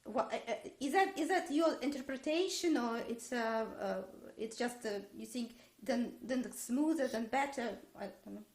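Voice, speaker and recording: A woman's voice: fairly high pitch, moderate pace, hardly any pauses, darkish tone. A woman teaching a violin masterclass online. She hesitates with many fillers and sings musical phrases on syllables. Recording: roomy echo.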